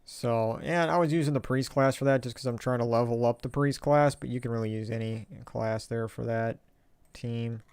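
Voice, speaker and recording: A man's voice: mid-range voice, steady tone, normal speed, darkish tone, clear, resonant tone, dry recording. A man streaming a game live, talking casually and hesitantly, with wry, self-mocking asides and chat read aloud. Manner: rambling and hesitant, reads viewer chat aloud.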